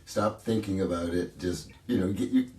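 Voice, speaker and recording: A man speaking as a coach in a casual interview, telling stories in an animated way and laughing easily. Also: sits low, moderate pace, reverberant, recorded from a distance.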